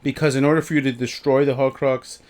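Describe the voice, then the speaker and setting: A man's voice: medium pitch, flat delivery, quick pace, a little mellow, no echo. Emphatic profane male podcast co-host. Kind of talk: casual chat.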